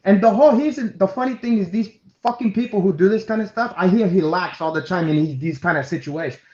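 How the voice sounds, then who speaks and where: A man co-hosting a chat over a video call, telling an animated story with heavy swearing, restarts and loud acted-out quotes. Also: sits high, fast talker. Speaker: co-host. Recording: roomy, dull lo-fi stream audio.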